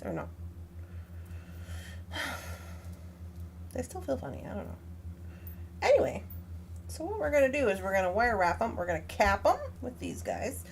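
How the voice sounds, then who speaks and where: Host: woman, chatty, animated, fairly high voice, casual craft stream. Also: vocal fry, a little hiss or hum. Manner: chatty, animated, talks to her pet and viewers. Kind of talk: casual live craft tutorial.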